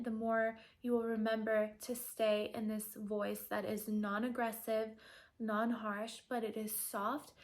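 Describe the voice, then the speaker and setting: A woman giving earnest coaching advice straight to camera, asking her viewers rhetorical questions. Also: on the high side. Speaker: feminine energy coach. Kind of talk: direct-to-camera advice talk.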